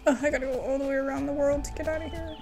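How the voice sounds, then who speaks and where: A young woman with a high voice narrating her own gameplay. She is chatty and giggly and gets excited easily, and she mixes casual asides with reactions to what happens in the game. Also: rapid-fire, faint music behind. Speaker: gaming channel host.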